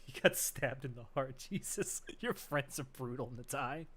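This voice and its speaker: A man in a casual podcast chat, relaxed and quick to laugh. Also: medium pitch.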